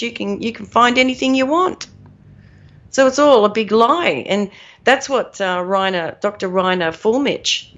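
A woman co-hosts a podcast, chatting casually in a rambling, emphatic way and laughing at her own points. Her mid-range voice is a bit bright, heard through dull lo-fi audio.

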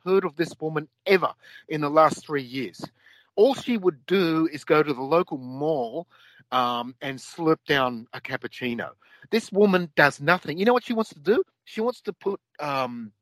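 A man's voice: fairly high pitch, expressive, measured pace, fairly bright tone, no echo, poor audio. A man with an Australian accent co-hosting a talk show, ranting in a heated, profane and repetitive way. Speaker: podcast co-host.

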